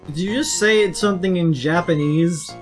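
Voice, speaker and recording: A streamer chatting casually while playing a game, animated and jokey, often slipping into silly voices. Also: mid-range voice, normal speed. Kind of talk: casual game let's-play chat. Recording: game music underneath.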